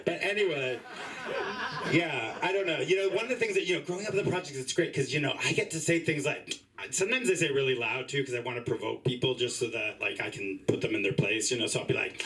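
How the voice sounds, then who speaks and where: A man's voice: mid-range voice, a little fast, a bit bright, far from the mic, poor audio. A man doing open mic stand-up in a small comedy club, chatty and rambling, full of fillers and voiced asides.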